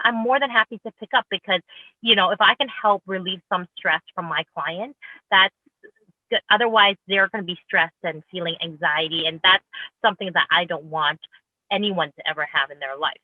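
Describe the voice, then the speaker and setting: A woman's voice: medium pitch, a little fast, dry recording. A woman guest in a casual interview, speaking eagerly with frequent restarts, heard over a remote call. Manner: upbeat, eager, many restarts. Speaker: real estate agent guest. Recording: tinny phone line.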